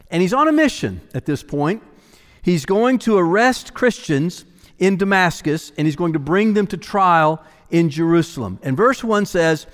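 A man's voice: fairly high pitch, big-room sound. A man preaching an expository sermon as pastor, dramatic and emphatic, sometimes dropping to a near-whisper for weight.

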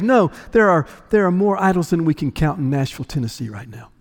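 A man with a high, light voice preaching a sermon, driving home his points with emphatic repetition. His words ring out with a long hall reverb, as in a large church sanctuary. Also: lively intonation, fast, hardly any pauses. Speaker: pastor.

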